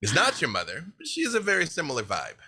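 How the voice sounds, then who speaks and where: A man narrating a tabletop game as dungeon master, animated and often laughing. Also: on the high side, husky. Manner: animated, laughing, quick asides.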